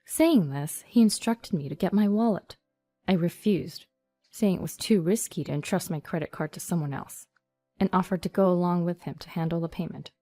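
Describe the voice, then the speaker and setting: A woman narrating a first-person story in an even, storytelling read. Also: on the low side, normal speed, no echo. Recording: dry studio voice-over over soft music.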